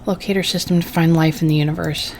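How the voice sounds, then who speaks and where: A woman's voice: low voice, fairly even intonation, fast talker, a little mellow, a little hiss or hum. A woman playing a story game, reading its text aloud and adding casual, wry comments of her own. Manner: casual, wry asides between read lines. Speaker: gaming channel host.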